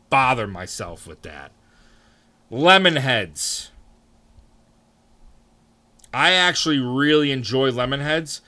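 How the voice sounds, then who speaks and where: Bright-voiced, animated young male streamer. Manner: animated, swears freely, answers chat, jumps into high mock outrage. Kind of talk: casual live-stream chat.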